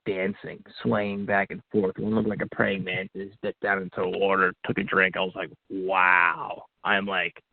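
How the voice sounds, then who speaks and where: Gravelly low-voiced man on a tinny line. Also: level tone, normal speed, few pauses, dry recording. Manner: earnest, acts out his own inner dialogue. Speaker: podcast guest. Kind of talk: personal storytelling. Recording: tinny phone-like line, dry.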